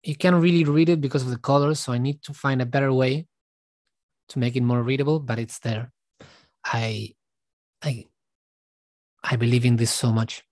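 A man giving reflective commentary to his viewers, talking earnestly and haltingly with frequent restarts. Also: medium pitch, fairly even intonation, darkish tone, no room sound. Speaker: vlogger.

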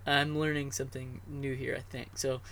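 A man interviewing, thinking out loud, searching for words and often restarting his sentences. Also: mid-range voice, flat delivery, moderate pace, creaky. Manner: thoughtful, searching for words, repeats himself. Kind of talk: casual conversation.

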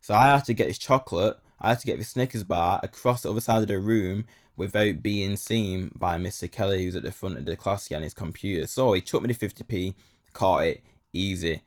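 A young man tells a casual story in a slightly low voice. He talks in slang and repeats phrases for effect. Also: fairly quick.

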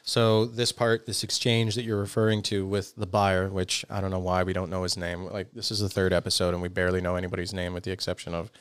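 A man with a lowish, smooth and resonant voice, chatting on a podcast. He explains things at length and teases the others with questions. The sound is close and dry. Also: flat delivery, fast talker, hardly any pauses, no room sound. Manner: explains at length, teasing, asks the room. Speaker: podcast co-host. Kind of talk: casual chat.

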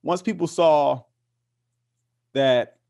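A man's voice: fairly high pitch, drawn-out words, vocal fry, warm tone. A man being interviewed, talking with passion and emphasis, often repeating words as he builds a point. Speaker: interview guest, activist. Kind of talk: casual interview conversation.

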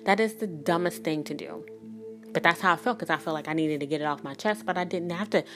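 A woman's voice: fairly low pitch, fast, a bit bright, faint music behind. A woman in her thirties, a spiritual reader and energy worker, talking candidly and bluntly in a rambling, emphatic way and swearing freely. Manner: rambling, many restarts and "like". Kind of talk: candid spiritual vlog talk.

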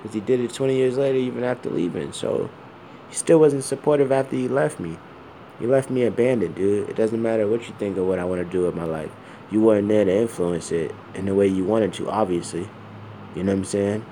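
A man's voice: on the low side, fairly quick, warm tone, a little hiss or hum. A man of around forty talking bluntly and with plenty of swearing in a rambling personal monologue, full of fillers and repeated asides.

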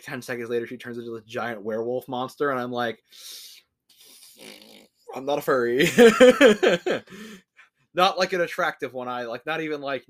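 A young man co-hosting a podcast, joking crudely, laughing often and acting out quoted lines. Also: medium pitch. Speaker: podcast co-host. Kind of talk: casual crude banter.

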